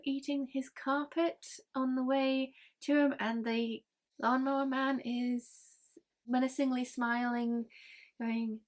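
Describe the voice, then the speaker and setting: A woman gives a casual spoken book review, chatty and rambling with many ums and frank grumbles. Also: medium pitch.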